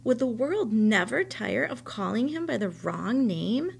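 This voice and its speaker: A woman teacher reads a children's novel aloud in a fairly high voice with a gravelly edge. Her storytelling is steady and expressive, and a faint hum sits behind her. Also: measured pace.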